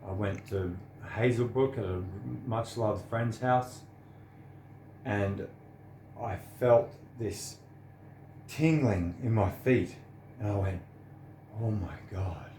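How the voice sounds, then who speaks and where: A man's voice: fairly low pitch, slow, long pauses, darkish tone, echoey room, a little hiss or hum. An earnest, sincere man, giving a preachy personal monologue to the camera. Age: 30s. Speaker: vlogger.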